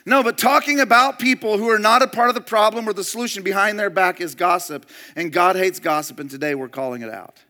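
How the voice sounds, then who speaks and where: A man preaching a sermon as pastor, emphatic and moving between loud declarations and hushed storytelling. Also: high-pitched, brisk, few pauses.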